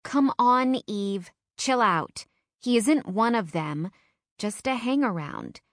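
A woman reading an audiobook and voicing an outspoken, protective young hairdresser friend, a bit higher and louder than her narration. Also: slow pace, no echo, studio quality. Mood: teasing. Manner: brash, excitable, protective.

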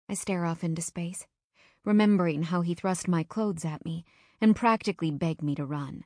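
A woman's voice: on the low side, moderate pace, darkish tone, no echo. Woman, young adult, first-person audiobook narration, earnest, intimate, dry close studio sound.

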